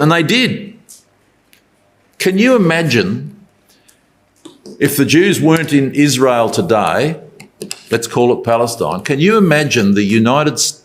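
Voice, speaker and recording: Man giving a conversational Bible talk. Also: medium pitch. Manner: conversational, rhetorical questions. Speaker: Bible speaker.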